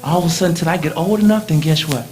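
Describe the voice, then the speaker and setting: A male preacher delivering a sermon in a dramatic way, swinging from loud lines to hushed ones as he tells a story in the first person. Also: on the high side, very fast, over music.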